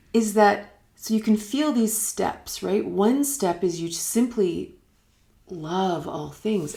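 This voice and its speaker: A woman giving a reflective spiritual teaching in a live online session, musing and unhurried, sometimes dropping almost to a whisper. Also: mid-range voice, warm tone. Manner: unhurried, musing, drops to near-whispers at times. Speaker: meditation teacher. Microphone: live online broadcast.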